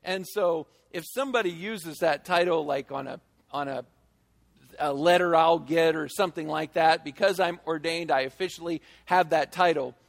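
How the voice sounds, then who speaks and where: A male pastor delivers a sermon in a slightly high voice, talking in an easy, conversational way but slowing down hard on the phrases he wants to land. His voice rings out with the long reverb of a church hall. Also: vocal fry. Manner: conversational, emphatic, slows down to stress key phrases.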